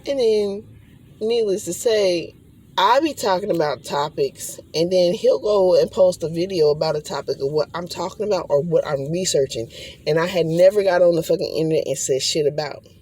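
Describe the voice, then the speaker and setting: A woman's voice: on the low side, moderate pace, darkish tone, slightly rough. A woman talking straight to the camera in a rambling spiritual vlog, swearing freely and often slipping into acted quotes. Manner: profane, rambling, acts out quotes. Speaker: spiritual vlogger. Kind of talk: casual rambling monologue.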